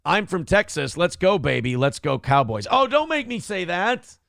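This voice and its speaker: A man's voice: sits high, big pitch swings, normal speed, creaky, a bit bright, no room sound, clean studio sound. A man hosting a livestream talk show. He reads viewer comments aloud and rants with plenty of profanity. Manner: ranting and profane. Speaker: live show host.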